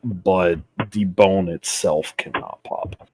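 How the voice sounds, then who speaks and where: A man's voice: low voice, fairly even intonation, slow, darkish tone, husky, dry recording. A man chatting casually as a co-host, telling laid-back stories and swearing now and then. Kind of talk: casual chat.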